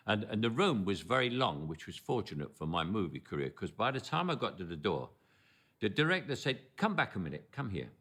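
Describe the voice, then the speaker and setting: A man's voice: on the low side, very animated, brisk, fairly bright tone. An older man with a Cockney accent, narrating a documentary as he tells anecdotes with small stumbles and repeated words. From London.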